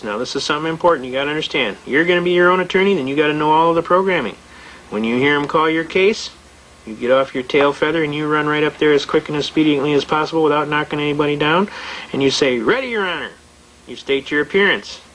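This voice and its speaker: Brief: fast-talking male storyteller, slightly high voice, faint background hiss. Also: fairly bright tone, rough recording. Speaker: speaker on legal rights. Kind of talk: anecdotal lecture.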